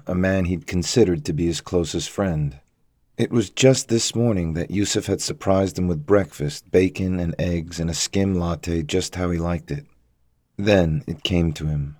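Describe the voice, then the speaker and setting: A man narrating a thriller story in a measured, even storytelling manner. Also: sits low, dry recording, clean studio sound. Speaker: audiobook narrator.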